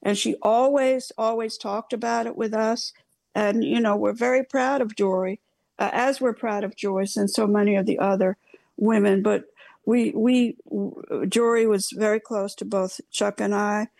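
Older gravelly woman radio host. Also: mid-range voice, steady tone, darkish tone, dry recording. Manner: halting, many fillers and restarts. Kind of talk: radio talk show.

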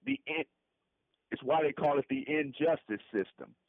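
A man's voice: fairly high pitch, normal speed, creaky, no echo. Earnest male guest phoning in, tinny lo-fi phone line. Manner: earnest, repeats himself often. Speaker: interview guest calling in. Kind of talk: phone-in conversation.

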